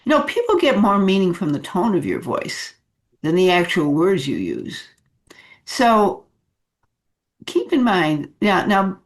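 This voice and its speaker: Woman, leadership coach, slow and animated delivery, some filler words. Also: fairly low pitch. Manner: unhurried, animated, many fillers. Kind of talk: coaching talk to camera.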